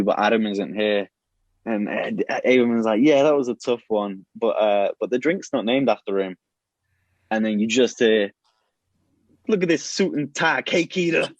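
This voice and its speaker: A man's voice: fairly low pitch, a little mellow, no room sound. A man on a podcast casually retelling a plot idea, rambling with many restarts and fillers. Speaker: podcast host pitching a show plot. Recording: dull, lo-fi and dry.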